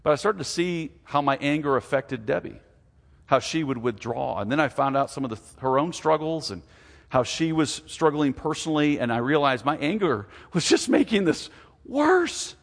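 A man in his forties preaching a sermon as a pastor, earnest and confessional, his pitch and volume rising and falling widely. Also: sing-song, moderate pace, creaky. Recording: long hall reverb.

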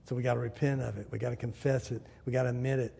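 A man preaching a sermon as a pastor, animated, asking the congregation questions and acting out little scenes. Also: mid-range voice, very fast, creaky, slightly rough. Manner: animated, asks the crowd, acts out little scenes. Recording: hall reverb.

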